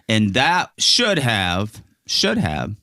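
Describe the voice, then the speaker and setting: A man with a low voice tells a personal story on a podcast, frank and lively, slipping into the voices of the people in it. The sound is dry and close, with no room around it. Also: extremely slow, dry recording. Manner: frank, animated storyteller who acts out quotes. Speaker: podcast guest. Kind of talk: candid conversational storytelling.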